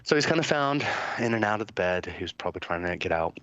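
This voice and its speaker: Podcast host, male, low voice, casual profane storyteller; dry, slightly dull recording. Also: animated, fast, fairly bright tone, no room sound. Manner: rambling, profane, lots of fillers and quoted dialogue.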